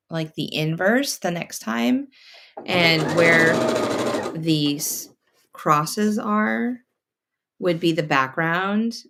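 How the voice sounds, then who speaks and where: With a lowish voice and vocal fry, a North Carolina woman sews and chats casually on a quilting livestream from her home sewing room, reading out comments from viewers. Faint sewing machine noise runs underneath.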